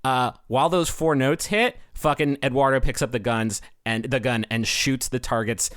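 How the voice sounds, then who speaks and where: A man co-hosting a podcast, retelling a movie scene in an excited, laughing, casual way. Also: mid-range voice, moderate pace, smooth, no room sound, studio quality. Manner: excited storytelling, laughing, swearing. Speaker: podcast co-host.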